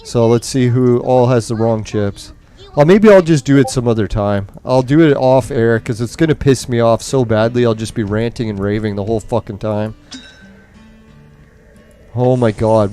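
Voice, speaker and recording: A man's voice: mid-range voice, moderate pace, warm tone, clean tone, faint music behind. A man commentating on a mobile game as he plays, ranting angrily and swearing nonstop while in nicotine withdrawal. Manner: angry swearing rant. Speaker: gaming streamer.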